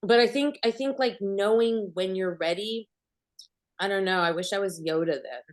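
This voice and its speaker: A middle-aged woman who coaches actors answers questions on a panel, speaking at a medium pitch and moderate pace. She tells stories animatedly and acts out snippets of dialogue.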